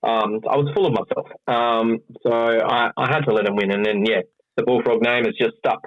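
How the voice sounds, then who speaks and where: A man with an Australian accent, a pro wrestler, telling stories in a loose, animated way and swearing freely. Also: medium pitch, moderate pace, dry recording. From Western Australia. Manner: animated, acts out quoted voices, swears freely. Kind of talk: casual storytelling. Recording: dull lo-fi sound.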